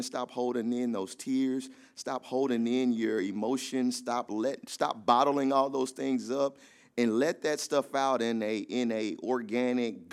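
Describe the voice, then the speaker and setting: Gravelly-voiced man preaching. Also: mid-range voice. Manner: emphatic, conversational preaching. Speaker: pastor. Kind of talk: sermon.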